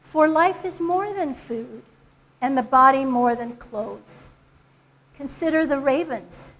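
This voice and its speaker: A woman in church reading a Bible passage aloud slowly and deliberately. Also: sits high, a bit bright, low-quality recording. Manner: slow and deliberate. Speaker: Scripture reader in church.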